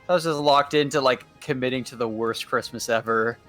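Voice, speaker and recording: A man's voice: medium pitch, a little fast, a bit bright, soft background music. A young man chatting casually on a stream, telling stories animatedly, laughing a lot and saying "like" often. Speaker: guest on stream. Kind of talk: casual chat.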